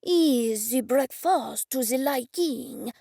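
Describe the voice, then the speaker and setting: A woman's voice: high-pitched, lively intonation, takes it slowly, gravelly, warm tone, no echo, clean studio sound, heavily acted. Woman doing a thick-accented French chef. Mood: flustered. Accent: thick French, put on. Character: short fussy fake-French male chef.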